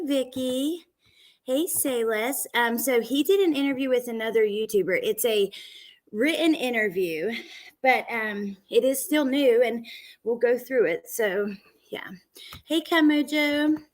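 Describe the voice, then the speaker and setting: A woman hosting a casual livestream from home, chatting with viewers and greeting them by name, with lots of fillers. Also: sits high. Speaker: true crime livestream host. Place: at home, indoors. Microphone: computer camera setup for a livestream.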